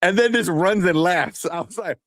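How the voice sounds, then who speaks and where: A man in his thirties co-hosting a casual chat, acting out stories about his kids with big jumps in pitch. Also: lively intonation, normal speed, fairly bright tone, no echo, studio quality. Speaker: podcast co-host.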